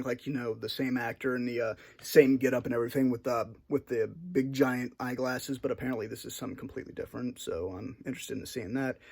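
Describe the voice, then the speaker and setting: This video creator's voice is mid-range and gravelly. Talking off the cuff by himself for his channel, he hesitates, wanders, keeps starting sentences over, and seems embarrassed by his own awkwardness.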